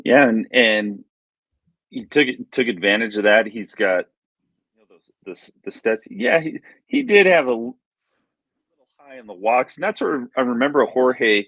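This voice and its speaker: A man co-hosting a sports podcast, reminiscing in a halting way with many restarts. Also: mid-range voice, animated, fairly bright tone, no echo, rough recording. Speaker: podcast co-host. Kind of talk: casual sports chat.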